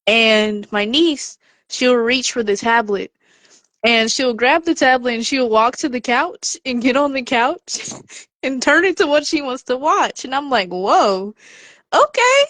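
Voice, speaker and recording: This podcast contributor speaks in a high, unhurried voice on a dry recording. She brings energy to her personal story and words of encouragement, performing the voices of the people she quotes.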